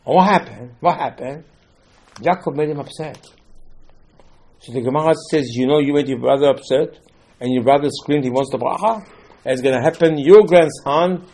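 A man delivers a sermon in slightly broken. His voice is husky. He swings from loud, emphatic lines to quiet asides. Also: medium pitch, normal speed, low-quality recording. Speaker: rabbi.

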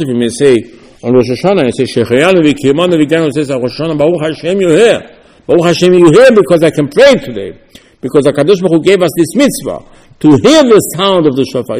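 A man teaching a sermon as a rabbi, acting out the dialogue animatedly. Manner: animated, dramatizing dialogue with swings in pitch and loudness. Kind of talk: sermon with acted-out quotes. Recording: long hall reverb.

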